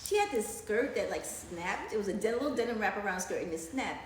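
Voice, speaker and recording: A middle-aged woman chats with a lively voice that rises and falls a lot, laughing through her story. She talks fast and rambles with restarts. The room is echoey, with a faint hum of noise behind her. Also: medium pitch. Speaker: mother telling a story. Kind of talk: casual storytelling chat.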